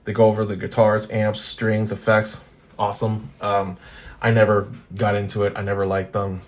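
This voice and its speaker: A man's voice: fairly low pitch, completely flat delivery, moderate pace. A man hosting a guitar channel, reading old magazines aloud in casual commentary, blunt and profane, laughing often.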